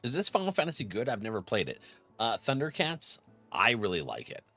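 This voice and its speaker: Speaking a little fast over soft background music, a man streams a game and chats informally with his viewers. He's talkative, reads their messages out loud, laughs often, and shows lively pitch swings.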